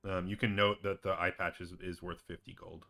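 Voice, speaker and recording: A man's voice: sits low, flat delivery, brisk, creaky, bright, forceful tone. A man running a tabletop game as game master, narrating with many hesitations and fillers.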